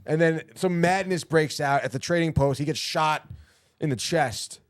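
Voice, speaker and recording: A man hosting a podcast, his voice on the high side and his pace moderate, casually recaps a TV episode with lively storytelling. He tosses off characters' lines himself and swears often, captured in clean studio sound without echo.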